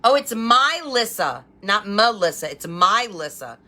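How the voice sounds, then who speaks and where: A woman's voice: mid-range voice, sing-song, a little slow, sharp tone. A woman hosting a live crafting stream from home, chatting and greeting viewers by name as she works. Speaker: craft livestream host.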